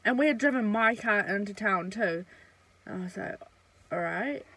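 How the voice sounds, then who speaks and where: A young woman vlogging a casual storytime, chatty and blunt, swearing freely and filling pauses with "um" and "like". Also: mid-range voice, expressive, a bit bright, breathy edge, low-quality recording.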